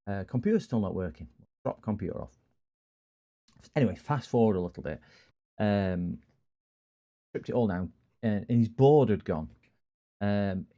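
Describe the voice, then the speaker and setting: A man from Scotland, with a broad accent and a fairly low, dark-toned voice, fixes computers on a live stream. He greets his viewers and wanders casually from one story to the next.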